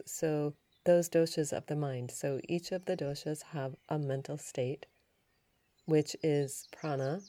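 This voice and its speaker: A woman hosting a yoga and Ayurveda podcast, telling a story in a chatty, animated way. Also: low-pitched. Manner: chatty, animated retelling with laughs and restarts.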